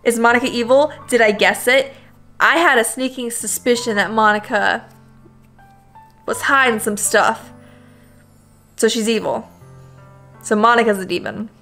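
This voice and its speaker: A woman's voice: fairly high pitch, measured pace, pauses often, bright, forceful tone, soft background music. A young woman hosting a let's-play, blunt and reactive, swearing and talking straight to her viewers. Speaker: gaming video host.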